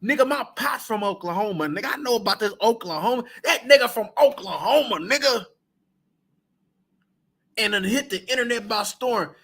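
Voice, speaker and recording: A man's voice: sits high, expressive, moderate pace, fairly bright tone. A man hosting a reaction stream, talking bluntly in slang and repeating lines for emphasis. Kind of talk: casual reaction commentary.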